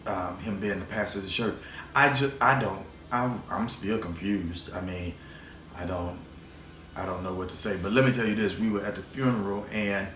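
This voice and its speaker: A man's voice: on the low side, steady tone, normal speed, fairly bright tone. A man hosting his own vlog, telling a personal story in a rambling, emotional way, repeating words and swearing now and then. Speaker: show host. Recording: roomy echo, faint background noise.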